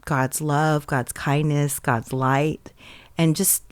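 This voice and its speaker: A woman's voice: low-pitched, little pitch movement, slow pace, no echo. A woman co-hosting a podcast, casually telling a personal faith story and acting out what others said. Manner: storytelling, acts out others' lines in quotes. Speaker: podcast co-host.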